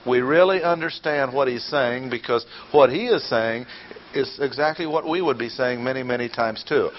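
Man, Bible teacher, mid-pitched voice, deliberate and explanatory, muffled lo-fi recording. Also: a little hiss or hum. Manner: deliberate, explanatory, repeats key points. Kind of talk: classroom Bible lesson. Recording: dull lo-fi recording.

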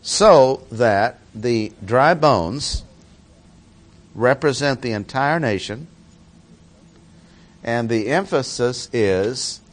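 A man's voice: medium pitch, expressive, very slow, pauses often. A man teaching through a Bible passage verse by verse, stressing key words by repeating them.

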